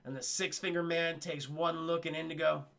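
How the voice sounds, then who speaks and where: A young man streaming a profane, comic scene-by-scene film recap to his live chat, acting out the characters' lines in quick voices. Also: a little high, creaky. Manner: animated, swears a lot, acts out lines in quick put-on voices.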